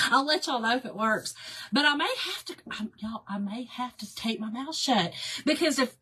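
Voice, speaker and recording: A woman chatting with live viewers while she works on a craft project, animated and quick to laugh, with soft near-whispered asides. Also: a little high, breathy edge. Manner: chatty and animated, laughs often, calls viewers "y'all" and "girl". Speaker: livestream host doing a craft project.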